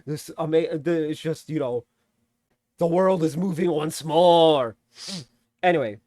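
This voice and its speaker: A man casually recapping and reviewing a movie, animated, swearing freely and laughing often. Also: a little high, measured pace, a crowd in the background. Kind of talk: casual spoken film recap.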